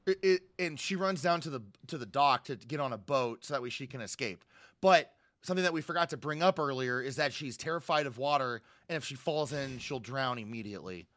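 A man's voice: mid-range voice, a little fast, fairly bright tone, dry recording. A young man chatting casually as a podcast co-host, recapping a movie in a rambling way and acting out quotes. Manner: rambling, acts out quotes with raised voice.

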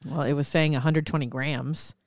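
Brief: young woman, low-ish voice, casual podcast co-host, laughs easily, dry close sound. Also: steady tone, darkish tone, no room sound. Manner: laughing, joking, quick asides. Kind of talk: casual news chat.

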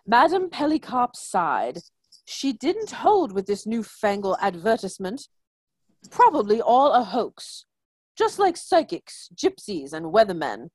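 A woman's voice: fairly high pitch, huge pitch swings, a little slow, darkish tone, husky, no room sound. A woman casually reading a silly comic story aloud into a phone, often breaking into giggles. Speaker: story reader and co-host.

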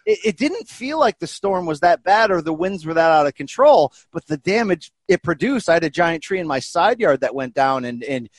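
A man hosting a podcast, talking in a hyped, jokey, animated way. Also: on the high side, normal speed, few pauses, no echo. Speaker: podcast host. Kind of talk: energetic podcast chat.

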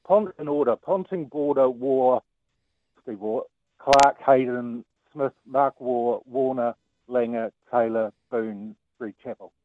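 A man's voice: mid-range voice, takes it slowly, slight background noise. A man calling in to a radio show and reading out a list of names. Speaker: caller. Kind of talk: casual phone-in chat. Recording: tinny dry phone line.

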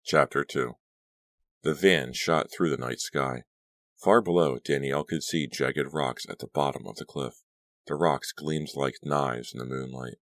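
A man reading a horror novel aloud as an audiobook, in steady, measured storytelling. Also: rumbling low, no room sound. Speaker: audiobook narrator. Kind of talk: scripted audiobook narration.

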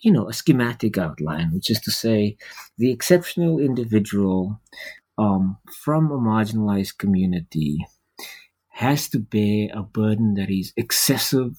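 A man speaking as a scholar in an unhurried academic talk, discursive and hesitant, with many fillers and restarts. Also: fairly low pitch, animated, a little mellow, slightly rough, low-quality recording.

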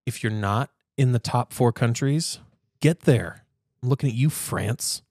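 A man co-hosting a podcast in casual chat, teasing and joking with halting, filler-heavy delivery. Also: mid-range voice, darkish tone, no echo, clean studio sound. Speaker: podcast co-host.

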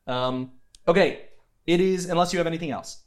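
A man's voice: a little high, brisk. A man running a tabletop game as game master, narrating with playful, vivid descriptions and frequent laughter.

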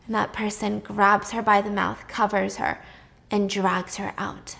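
A woman casually retelling a drama's plot, chatty and lively, raising her voice when she acts out the characters' lines. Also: normal speed, gravelly. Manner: chatty, acts out dialogue with raised pitch. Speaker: drama recap narrator. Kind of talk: casual storytelling recap.

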